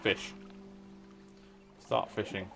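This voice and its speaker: A man's voice: very slow, music in the background. A man with a cold giving casual, rambling commentary while playing a video game. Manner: rambling, chatty, self-restarting. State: has a cold. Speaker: gaming YouTuber. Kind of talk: casual let's-play commentary.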